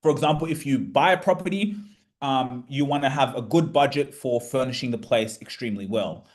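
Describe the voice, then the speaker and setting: A man hosting an investment webinar, talking in a casual, animated and passionate way, now and then swearing. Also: mid-range voice, a little fast. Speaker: webinar host.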